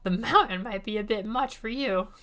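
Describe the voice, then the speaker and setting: A woman voicing a cranky, teasing old woman who lives on a mountain, with slow, mocking lines. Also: medium pitch, fairly bright tone, voice pushed up, close to an everyday voice.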